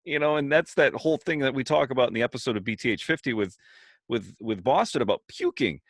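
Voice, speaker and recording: A man's voice: medium pitch, quick pace, dry recording, clean studio sound. A man co-hosting a podcast in casual chat, telling stories and mimicking voices. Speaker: podcast co-host.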